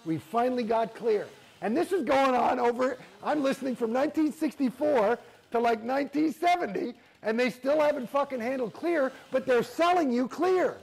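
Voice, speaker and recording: Middle-aged guy ranting, lots of swearing, husky and kinda high voice. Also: normal speed, few pauses, a little mellow. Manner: emphatic, profane, rambling with restarts. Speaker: interview guest. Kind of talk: candid storytelling.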